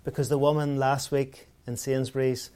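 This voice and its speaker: A man's voice: mid-range voice, level tone, moderate pace, mellow, clear, resonant tone. A man preaching a sermon in a conversational way, asking rhetorical questions and telling everyday anecdotes.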